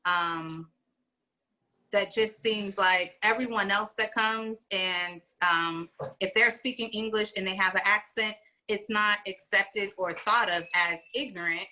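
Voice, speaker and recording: A woman speaking in an animated, conversational way with casual slang, talking on a video call. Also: medium pitch, measured pace. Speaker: discussion panelist.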